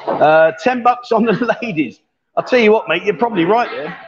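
A man's voice: high-pitched, moderate pace, muffled recording, a crowd in the background. A man hosting a live stream from a bar, chatting and bantering casually with a jokey manner. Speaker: livestream host. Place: busy bar with a pool table.

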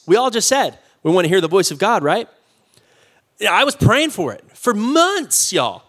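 A man's voice: high voice, fairly bright tone. A man, preaching a sermon in a conversational storytelling way, with asides to the congregation. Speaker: pastor. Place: church sanctuary.

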